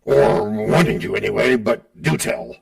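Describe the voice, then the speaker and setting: Gravelly dry-toned podcast co-host man. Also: fairly low pitch, a little slow, far from the mic, faint music behind. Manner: dry, questioning, asks for explanations. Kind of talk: casual podcast banter.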